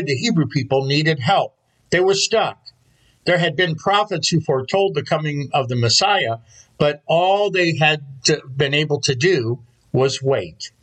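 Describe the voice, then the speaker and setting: Pastor guy giving a sermon, kinda husky, a bit higher voice, calm storytelling. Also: poor audio.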